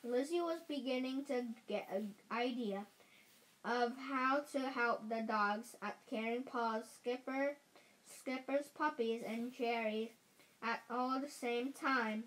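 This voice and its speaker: Woman reader, high voice, unhurried, stumbles and restarts, children's chapter book. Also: fairly bright tone, poor audio. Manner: careful reading with frequent slips and restarts.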